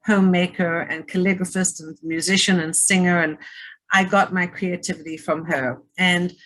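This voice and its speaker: A woman's voice: lowish voice, fairly even intonation, normal speed, a bit bright, rough recording. A woman from South Africa, a guest speaker, thanking her hosts graciously and telling the story of her childhood, over a video call. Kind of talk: storytelling in a presentation.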